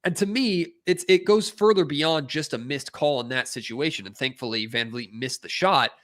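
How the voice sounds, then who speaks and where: Bright-voiced man ranting about sports. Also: fairly high pitch, normal speed. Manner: animated, emphatic ranting. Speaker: sports anchor guest. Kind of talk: sports radio discussion.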